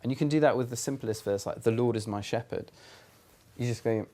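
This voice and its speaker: A young British man talks to camera in a relaxed, earnest way, often restarting his sentences. His voice sits a little low for a man. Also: a little fast. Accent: British English. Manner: earnest, conversational, with fillers and restarts. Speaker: youth church speaker. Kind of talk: casual explanatory talk to camera.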